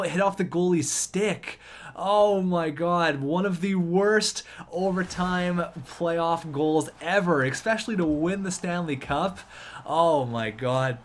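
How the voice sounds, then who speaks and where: A man giving excitable gameplay commentary on a hockey video game, shouting at the big plays. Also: a little high. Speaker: gaming YouTuber.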